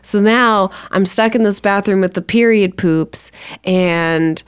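A woman telling a comic personal story in a casual, chatty way, full of "like" and quick laughs, with bursts of speed and big swings in pitch. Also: clean tone. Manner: chatty, peppered with "like", laughs between lines.

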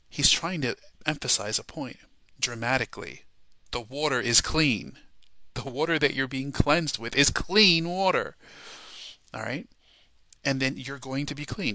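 A man's voice: mid-range voice, expressive, normal speed, pushed and bright, no room sound. A man preaching a sermon, emphatic and repetitive, peppering his points with rhetorical questions.

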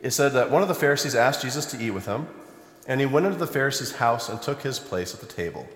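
A man's voice: medium pitch, fast. Conversational male preacher in an echoey hall. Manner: conversational storytelling, animated when quoting. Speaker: pastor. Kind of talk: sermon. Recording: echoey hall, long reverb.

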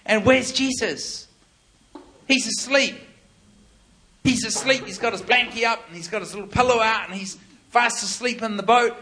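Preacher, male, high voice, animated storyteller, acts out voices for a live crowd. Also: moderate pace, pauses often. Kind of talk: sermon with storytelling.

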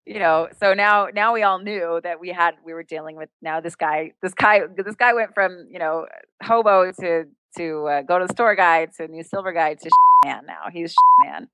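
A woman telling an anecdote as an interview guest, laughing often and jumping into higher voices for the people she quotes. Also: normal speed, no echo. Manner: animated, acts out quoted voices with a jump in pitch. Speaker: guest, street performer and entertainer. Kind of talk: storytelling anecdote in conversation.

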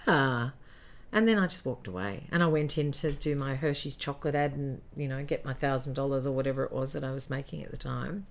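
A middle-aged Australian woman, a former jingle singer, telling lively anecdotes in a casual interview and acting out the quotes. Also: very deep voice, fairly quick.

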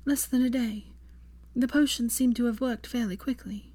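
Woman doing a tender young woman, high, soft, earnest, storybook reading. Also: steady tone, moderate pace, no echo, natural voice.

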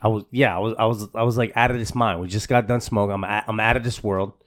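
A man's voice: lowish voice, fairly even intonation, fast talker. Rambling, slangy man telling a story. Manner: rambling, repeats words and restarts often; slangy and profane, says "bro" a lot. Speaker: podcast co-host. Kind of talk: casual storytelling chat.

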